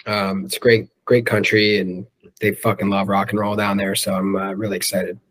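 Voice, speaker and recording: A man's voice: on the low side, level tone, moderate pace, fairly bright tone. A man who sings in a rock band, chatting loosely in an interview, swearing freely and filling his talk with "um" and "like". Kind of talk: casual interview chat.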